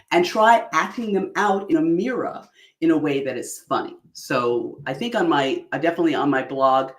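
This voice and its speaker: A woman coaching on public speaking in an animated, exaggerated way that is broken up by frequent laughs. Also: deep voice, moderate pace, reverberant. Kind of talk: online workshop talk.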